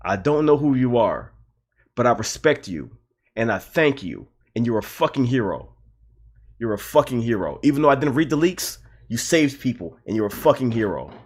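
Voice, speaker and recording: A man's voice: mid-range voice, very animated, normal speed, husky. Streamer host, male, casual and fired up, repeats lines for emphasis, swears a lot. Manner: repetitive, heated, swearing, laughing. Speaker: livestream host. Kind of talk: casual livestream rant.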